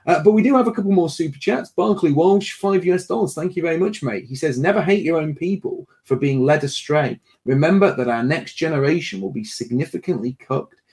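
A man hosting a livestream panel chat, reading viewer messages aloud with animated energy and frequent laughter. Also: fairly high pitch, brisk, breathy edge. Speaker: host.

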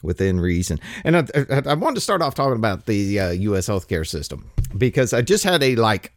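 A man's voice: mid-range voice, big pitch swings, brisk, no room sound, clean studio sound. A man hosting a podcast alone, rambling through listener mail with restarts and chuckles. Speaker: podcast host. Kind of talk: casual solo podcast monologue, reading listener mail.

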